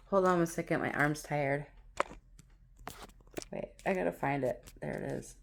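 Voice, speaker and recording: A woman filming a casual vlog on her phone at home, excitable and gushing, laughing often as she talks. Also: on the low side, moderate pace, vocal fry, long pauses, slight background noise. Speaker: vlogger. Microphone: phone camera on tripod.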